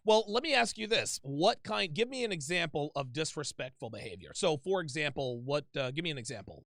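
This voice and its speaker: A man's voice: fairly high pitch, very animated, brisk, gravelly, a bit bright, no room sound, clean studio sound. A man hosting a call-in advice show, talking bluntly and emphatically with plenty of swearing. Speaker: host taking calls.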